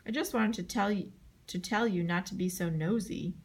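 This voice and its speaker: A woman reading a chapter book aloud, in scripted narration, giving the dialogue lively voices and jumping high for the shouts. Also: normal speed, husky. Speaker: audiobook reader.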